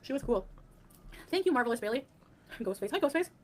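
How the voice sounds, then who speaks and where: A woman's voice: sits high, animated, fast talker. A woman livestreaming casually, reading out and answering chat, laughing often and breaking into bits of song. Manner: thanks chat by name, laughs often, sings snatches.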